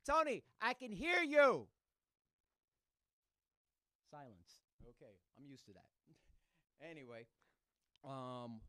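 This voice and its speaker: A man's voice: mid-range voice, smooth. A middle-aged man from Puerto Rico doing a rambling stand-up set, self-deprecating and often losing his train of thought. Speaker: stand-up comedian.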